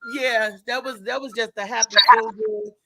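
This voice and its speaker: A middle-aged woman hosting a live talk show in an animated, laughing way. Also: a little high, normal speed, slightly rough, dry recording. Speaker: show host. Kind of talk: casual live show chat.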